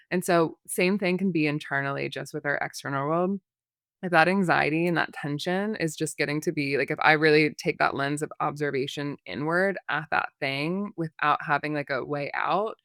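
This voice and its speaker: A woman's voice: low-pitched, fairly bright tone, no room sound, studio quality. A woman therapist, a podcast guest, explaining in a rambling, casual way full of fillers and examples.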